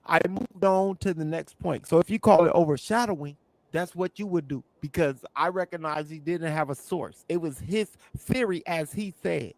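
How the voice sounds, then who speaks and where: Combative high-voiced man arguing. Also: moderate pace, no echo. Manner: combative, insistent, repeats points. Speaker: debate panelist. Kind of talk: heated online debate.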